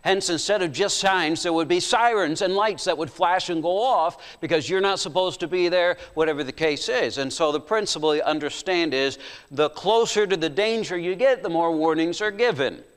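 High-voiced preacher in a reverberant hall. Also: male voice, clean tone. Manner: storytelling, asks the congregation questions; slow deliberate scripture reading. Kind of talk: sermon.

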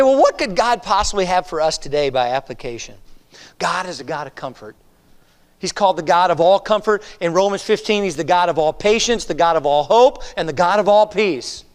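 A male pastor delivers a sermon in a high, expressive voice whose pitch leaps and falls. He shifts between quiet, confiding asides and drawn-out, emphatic exhortations, and his voice rings with the long reverb of a church sanctuary. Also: clear, resonant tone. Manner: preaching with dramatic swings from hushed to emphatic.

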